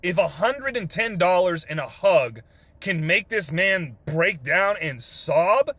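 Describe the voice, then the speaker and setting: A man's voice: sits high, animated, slow, pushed and bright, husky. A young man from Texas with a drawl, earnestly telling an emotional story in his car, swearing casually with lots of fillers. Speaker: vlogger. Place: parked car.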